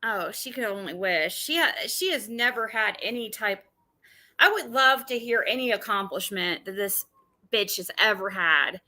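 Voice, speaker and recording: A woman's voice: medium pitch, animated, pushed and bright. A woman hosting a casual livestream, blunt and combative, swearing often and restarting her sentences. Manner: halting, with frequent restarts. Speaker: livestream host.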